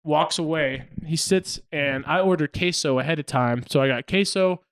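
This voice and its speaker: A man's voice: fairly high pitch, moderate pace. A young man casually telling a funny story as a podcast co-host, laughing often and acting out what people said. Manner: animated, laughing, acts out quotes.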